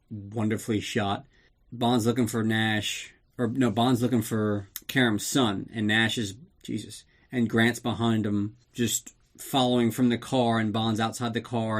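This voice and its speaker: A male podcast host retells a movie plot in a loose, rambling way. He is full of sarcastic asides and casual profanity, and his voice sits at an ordinary middle pitch. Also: fairly bright tone.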